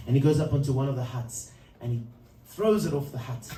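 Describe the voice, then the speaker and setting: A man's voice: mid-range voice, brisk, warm tone, a little hiss or hum. A man telling a story between songs at a live performance, speaking loosely and chuckling often. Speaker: musician introducing a song. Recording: roomy live sound from a distance.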